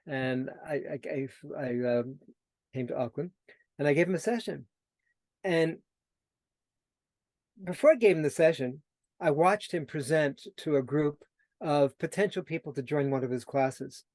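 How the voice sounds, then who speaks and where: Animated storytelling man, dry close sound. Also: a little high, unhurried, long pauses, no room sound. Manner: animated storyteller who acts out quoted dialogue; repeats himself and restarts when searching for words. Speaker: guest, personal transformation coach. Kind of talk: storytelling in conversation.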